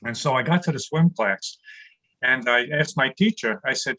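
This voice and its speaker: A man's voice: mid-range voice, lively intonation, normal speed, bright, forceful tone. A man in his sixties from New York City doing a stand-up comedy set over a video call from his home studio, chuckling at his own punchlines. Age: 60s.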